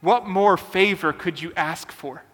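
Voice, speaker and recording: A man preaching a sermon as a pastor, earnest and deliberate, with emphatic pauses. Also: high voice, a bit bright, long reverb tail.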